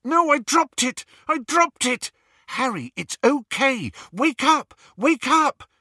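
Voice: mid-range voice, very animated, measured pace, fairly bright tone, slightly rough, dry recording, studio quality, exaggerated voice. A reader voicing an anxious, caring teenage girl witch who speaks urgently and with worry. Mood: frantic. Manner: urgent, worried.

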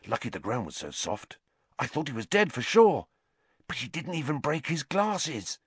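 A man voicing a shaken schoolboy who talks in a hushed, awed way in an audiobook. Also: mid-range voice, very animated, normal speed, husky, dry recording.

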